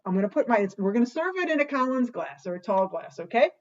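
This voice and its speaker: A woman's voice: fairly high pitch, sing-song, fast, darkish tone, dull audio. A woman hosting a casual home cocktail vlog, talking in a playful, jokey way and bantering with herself by name. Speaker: host of a home cocktail show.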